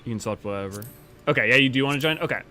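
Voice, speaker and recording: Racing along at a medium pitch, this streamer sounds bright and forceful over soft background music. He hosts a game stream, rambling casually to his viewers as he gets a party organized.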